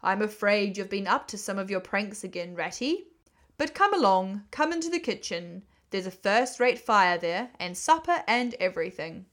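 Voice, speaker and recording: A woman voicing a gruff old male badger from a storybook, who is suspicious at first and then kindly and paternal. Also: mid-range voice, expressive, moderate pace, fairly bright tone, close to an everyday voice.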